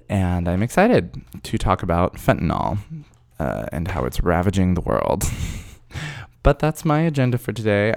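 A man's voice: deep voice, darkish tone, smooth, no room sound, clean studio sound. A man hosting his own show, chatting casually on his own in a rambling, playful way with lots of fillers. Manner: chatty and rambling, many fillers, playful bursts of self-praise. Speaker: podcast host, drag performer. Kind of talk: casual solo chat.

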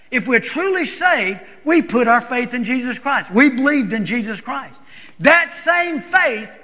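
High, sharp-voiced man preaching in a hall. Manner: earnest, emphatic, repeats and restarts. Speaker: church speaker. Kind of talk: sermon testimony to a congregation. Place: church.

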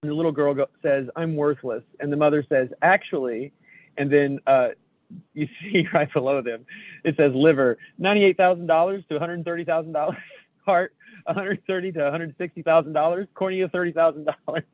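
A man in casual podcast chat reads memes and cracks self-deprecating jokes, swearing freely. His voice sits a little high. It comes through a tinny, phone-like line with a dry sound. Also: fairly even intonation, fairly quick, no room sound. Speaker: podcast co-host.

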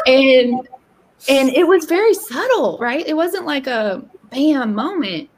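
A woman in her thirties, a podcast guest, tells a candid personal story in casual conversation, animatedly acting out quoted dialogue with rising pitch. She speaks at a measured pace over a noisy background.

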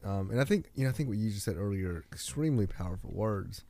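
A man's voice: lowish voice, animated, fast, warm tone, no echo. A man talking earnestly in a casual conversation, telling stories and giving life lessons in a motivational way. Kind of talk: casual podcast chat.

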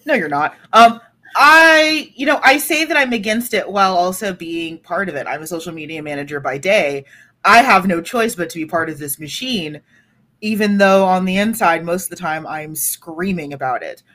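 A woman's voice: fairly low pitch, lively intonation, moderate pace, bright, forceful tone. A woman from Texas co-hosting a podcast, talking casually and animatedly, swearing freely and sarcastic. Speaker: podcast co-host. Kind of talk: casual discussion.

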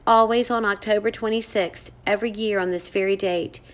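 A woman's voice: medium pitch, fairly even intonation, fairly quick, lightly acted. Woman doing a weary grieving old mother. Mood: sorrowful. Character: weary grieving older mother, hollow and tired.

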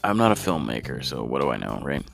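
Low-voiced guy ranting about a movie, swears a lot, voice swings all over, bit of music in the back. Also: big pitch swings, fast talker, creaky. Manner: sarcastic, crude, ranting. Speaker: comedic movie reviewer. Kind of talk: profane comedic movie riff.

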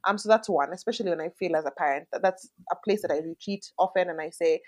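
A woman's voice: lowish voice, quick pace. A woman in her thirties, a mother and interview guest, talking candidly and reflectively in casual conversation, with lots of "like" fillers.

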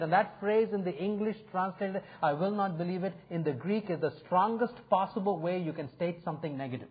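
A man's voice: sits high, fairly quick, hardly any pauses, breathy edge. A male pastor preaching a sermon in an earnest, inviting way, swelling and dropping his emphasis. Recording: phone-like narrow sound.

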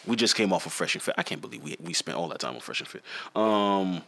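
A man's voice: deep voice, expressive, fast, gravelly, bright, forceful tone. A young man co-hosting a podcast in casual banter, joking, laughing and restarting his sentences. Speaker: podcast co-host.

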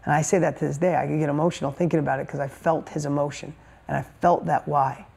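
A man's voice: on the high side, little pitch movement, fast, creaky, darkish tone, slightly rough. A middle-aged man giving a motivational talk, telling a story and repeating key points with emphasis. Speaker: motivational speaker.

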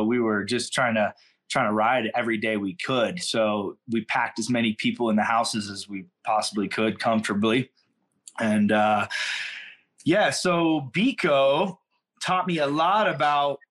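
A middle-aged man from California, appearing as a podcast guest, shares stories casually in a loose, slangy, rambling manner. He speaks at medium pitch, and his voice is a bit bright.

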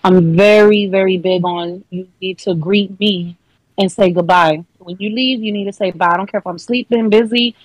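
A woman's voice: medium pitch, normal speed, no echo, poor audio. A young adult woman chatting candidly as a guest on a podcast, talking with lots of "like" and restarts. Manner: candid, animated, heavy use of "like". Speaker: podcast guest giving relationship advice. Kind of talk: casual podcast chat.

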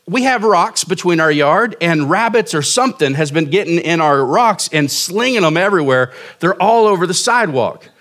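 A man's voice: high-pitched, fairly bright tone. A man in his forties preaching a sermon as pastor, telling a story casually and making fun of himself. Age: 40s. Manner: casual, self-mocking storytelling.

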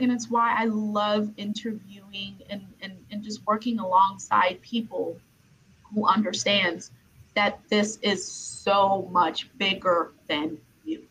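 A woman from Brooklyn interviews a guest in a loose, conversational way. She leans on "you know" and repeats her words as she goes. Her voice sits at a middle pitch over faint background ambience. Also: steady tone, slow, fairly bright tone, slight background noise, low-quality recording. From Brooklyn, New York.

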